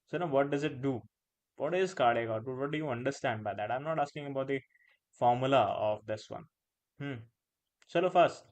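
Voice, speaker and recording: A man's voice: mid-range voice, brisk, a little mellow. A man with an Indian English accent giving a live online pharmacology lecture, repeating phrases, tagging lines with "right?" and slipping in Hindi words. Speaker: pharmacology teacher.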